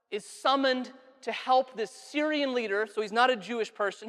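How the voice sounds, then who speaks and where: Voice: medium pitch, a bit bright. A pastor preaching a sermon in a conversational way, asking the congregation questions and adding asides. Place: church sanctuary. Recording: long church reverb.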